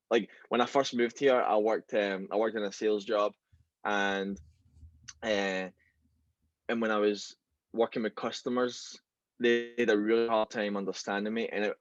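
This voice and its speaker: A man in his thirties from Scotland with a softened Glaswegian accent, chatting as a podcast guest, halting with many ums and restarts. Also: lowish voice, steady tone, no room sound. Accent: Glaswegian, softened by years in the US. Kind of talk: casual podcast chat. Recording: dry, dull lo-fi call audio.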